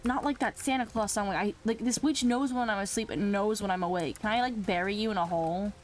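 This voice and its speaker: She's a fast-talking young woman hosting a Minecraft let's play, with faint music playing behind her. Chatting casually, she talks to the mobs in a flustered way, shifting from exclamations to quiet muttering.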